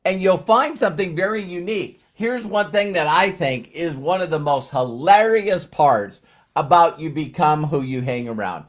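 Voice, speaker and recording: A man's voice: a little high, lively intonation. Sixty-year-old man giving motivational talk. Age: 60s. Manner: conversational, fillers and slowed emphasis. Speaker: motivational speaker.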